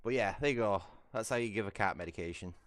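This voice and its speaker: A man's voice: lowish voice, fast, dry recording. A British man chatting casually on a livestream, rambling and swearing freely.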